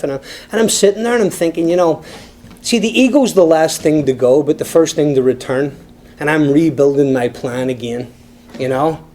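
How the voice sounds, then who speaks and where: A man's voice: on the high side, normal speed, darkish tone, slight background noise. An Irish man speaking at a recovery meeting, telling his own story to the room and talking straight to the people listening. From Ireland. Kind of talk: personal story told to a group.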